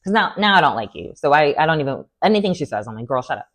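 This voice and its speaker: A young woman with a sassy, animated manner, giving an opinionated recap of a reality TV show. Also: deep voice, fast. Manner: animated, sassy, lots of "like" and "girl". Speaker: recap vlogger.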